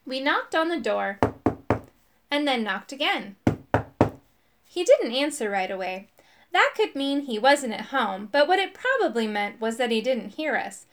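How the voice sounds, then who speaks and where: A woman reading a children's storybook aloud, expressive and animated. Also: high-pitched, measured pace, heavy background noise. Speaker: audiobook reader.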